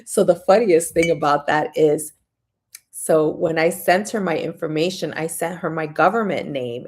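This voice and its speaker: A woman hosting a casual livestream, chatting warmly and reading viewer comments aloud. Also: deep voice, moderate pace. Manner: frequent fillers and restarts. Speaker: livestream host.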